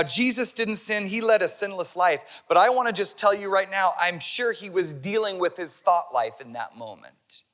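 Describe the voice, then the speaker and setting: A male pastor preaching an impassioned sermon that swings from hushed to loud. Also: high-pitched.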